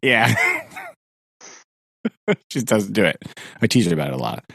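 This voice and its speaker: A man's voice: on the low side, big pitch swings, moderate pace, creaky, a bit bright, dry recording. A man co-hosting a podcast, chatting and teasing wryly. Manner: wry teasing, swooping voice. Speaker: podcast co-host. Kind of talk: casual chat.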